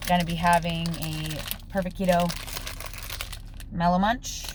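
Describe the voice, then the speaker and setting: A woman's voice: lowish voice, steady tone, a little slow, slight background noise. A woman in her forties chatting casually through a food diary vlog, often sounding a little out of breath. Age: 40s. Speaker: vlogger. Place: various rooms and a dance studio.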